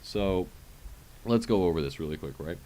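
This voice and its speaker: Low-voiced man chatting through a mic fix. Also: lively intonation, normal speed, dark tone. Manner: chatty, filler-heavy, keeps checking in with viewers. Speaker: streamer. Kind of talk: casual livestream tech walkthrough. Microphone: USB microphone with headset monitoring.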